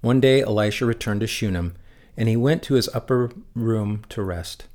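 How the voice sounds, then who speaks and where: A man with a fairly low voice reads scripture aloud for his church. His delivery is measured and steady, and he slows down on key phrases. It sounds like a scripted daily reading. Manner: lifts his voice for shouted lines in the text. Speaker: Bible reader for a church.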